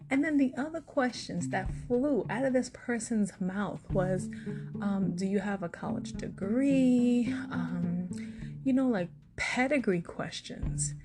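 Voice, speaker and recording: A self-assured woman in her forties with a New York accent talks through her own stories like a podcast host. She sounds chatty and confident, at an ordinary middle pitch. Guitar music plays clearly underneath her voice. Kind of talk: casual personal monologue.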